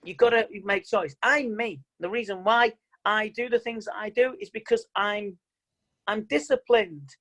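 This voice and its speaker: A man's voice: high-pitched, moderate pace, fairly bright tone, highs cut off. Emphatic male mind coach. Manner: emphatic, repetitive, plain-spoken. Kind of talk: online motivational seminar. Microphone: video call.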